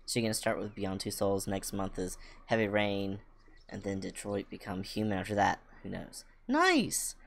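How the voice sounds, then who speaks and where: A woman streaming a farming game, chatting casually with viewers and cooing excitedly at her animals. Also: moderate pace, gravelly, a little hiss or hum. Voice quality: low voice that jumps high with excitement. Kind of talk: casual gameplay chat.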